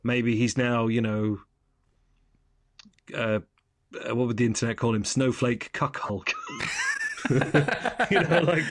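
A man's voice: mid-range voice, measured pace, long pauses. A young man co-hosting a casual film review chat, rambling and correcting himself with wry asides. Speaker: podcast co-host.

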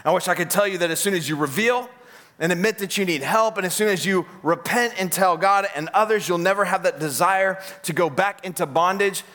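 A man preaching a sermon as pastor, animated and acting out the voices he quotes. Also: high voice, a little fast.

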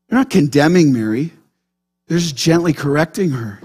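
Guy preaching a sermon, pretty high voice, animated, keeps asking the crowd questions. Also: normal speed, slightly rough. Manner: animated, keeps checking in with the congregation through questions. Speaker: pastor.

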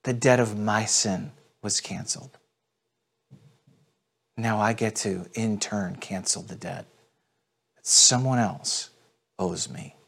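A man's voice: fairly low pitch, fairly even intonation, takes it slowly, vocal fry, long pauses, a bit bright. A male pastor preaching a sermon to people watching online, in an earnest, direct manner. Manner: earnest, direct address with repetitions.

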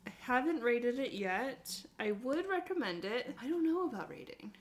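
A woman's voice: on the high side, big pitch swings, normal speed, a little hiss or hum. A woman in her thirties co-hosting a book chat, acting out quotes in funny voices. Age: 30s. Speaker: book podcast co-host. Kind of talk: casual chat.

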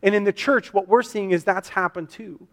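A man's voice: high-pitched, normal speed, fairly bright tone. A man pastor preaching a sermon in a church, earnest and repetitive, voicing the questions his listeners ask. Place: church sanctuary. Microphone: to a camera for online viewers. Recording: long hall reverb.

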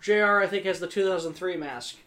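A woman co-hosting a casual podcast chat, telling animated stories and swearing freely. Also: on the low side, fairly quick. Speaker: podcast co-host.

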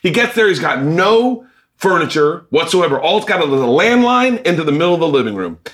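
A man's voice: fairly high pitch, big pitch swings, fairly quick, a bit bright. A man, the host and a comedian, telling profane stories with energy in a casual chat.

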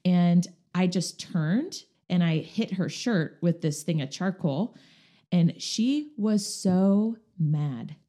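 A woman's voice: lowish voice, slow. A woman talking casually, telling stories animatedly and acting out what people said. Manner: animated, acts out quoted dialogue. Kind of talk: casual conversational storytelling.

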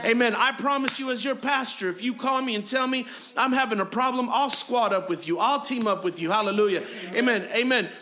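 A male pastor with a high, bright, ringing voice preaches to his congregation. He leans on repetition, stacking phrase after phrase and punctuating them with amens and hallelujahs. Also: fairly quick, few pauses. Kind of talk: sermon. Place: church sanctuary.

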